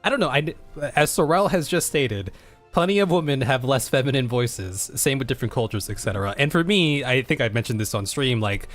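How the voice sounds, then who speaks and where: A man hosting a casual group discussion, thinking aloud with many fillers and pauses. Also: mid-range voice, animated, a bit bright, faint music behind. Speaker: podcast host.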